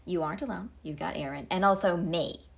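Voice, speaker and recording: A woman voicing a calm God who soothes and encourages a nervous prophet. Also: lowish voice, a little fast, gravelly. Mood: reassuring.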